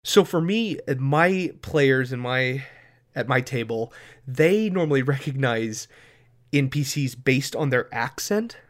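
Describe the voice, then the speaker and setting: A man in casual podcast chat, a game master who explains things and slips into quick voice demonstrations. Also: mid-range voice, expressive. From United States.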